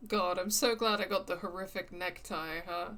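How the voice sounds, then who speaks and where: A woman's voice: fairly low pitch, fairly even intonation, unhurried, a bit bright. A woman hosting a let's-play, chatting casually with many fillers and an amused tone. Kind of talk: casual gameplay commentary.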